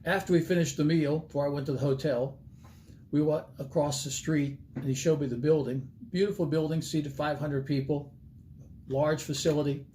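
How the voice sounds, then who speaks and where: An older evangelist tells a story from his ministry days in a folksy, animated way, acting out each exchange. His voice sits a little high yet sounds mellow and warm. A faint hiss runs under the recording. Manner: folksy, animated storyteller who acts out dialogue. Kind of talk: storytelling sermon to camera.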